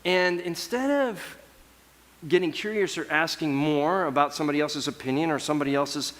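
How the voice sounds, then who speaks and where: A man preaching a sermon as pastor in a relaxed, conversational storytelling way, acting out the people in the story. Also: a little high, normal speed, long reverb tail. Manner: conversational storytelling, voicing biblical figures.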